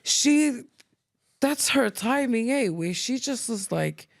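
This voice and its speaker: A woman, co-hosting a podcast, telling school stories in a casual, lively way, acting out quoted voices and mixing in Tongan words. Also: fairly high pitch, slow, vocal fry. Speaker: podcast co-host. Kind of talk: casual storytelling chat.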